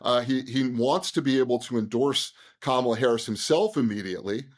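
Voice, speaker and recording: A man retelling a sequence of events as an interview guest, with an animated, conversational delivery. His pitch sits in an ordinary middle range, and his talk is full of fillers and quick restarts. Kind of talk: conversational storytelling.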